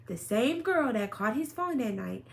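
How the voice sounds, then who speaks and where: A young woman telling a story about her relationship in a casual vlog, blunt and profane, with sudden loud outbursts. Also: fairly high pitch, very animated, measured pace, vocal fry. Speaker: storyteller vlogger.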